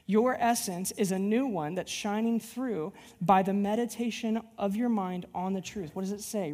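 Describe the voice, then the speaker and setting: A man pastoring a church plant, preaching a sermon and telling a personal story in an animated, rambling way with many restarts. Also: sits high. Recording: long hall reverb.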